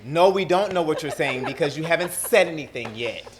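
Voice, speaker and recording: A young man with a South Carolina accent, a producer talking as an interview guest in a lively, laughing way. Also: on the high side, a little fast, a crowd in the background. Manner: animated, laughing storyteller. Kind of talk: casual interview talk.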